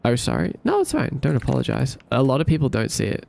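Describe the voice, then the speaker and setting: This man's mid-range voice has vocal fry, and he speaks fast. Coding a game on a live stream, he sounds drowsy and easygoing, wandering through casual chatter with viewers, musing out loud and humming now and then.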